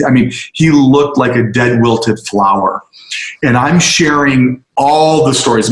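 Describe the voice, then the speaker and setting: A man of middle pitch tells a heartfelt story to a group, leaning into each line with earnest emphasis and playing out the voices in it. His voice carries the echo of a roomy space around him. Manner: earnest, emphatic storyteller who acts out quotes. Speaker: guest speaker. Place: on location with a tour group.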